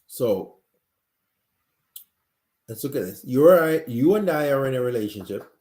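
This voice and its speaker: A man's voice: medium pitch, animated, a little slow, dark tone. A sick, coughing man hosting a live-streamed talk show, talking earnestly straight to his viewers and often restarting his sentences. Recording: echoey room.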